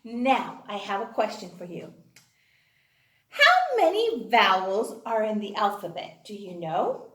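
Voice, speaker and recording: A woman's voice: mid-range voice, wildly swooping pitch, a little slow, a bit bright, reverberant. A woman teaching a phonics lesson to young children, speaking in an exaggerated, encouraging sing-song.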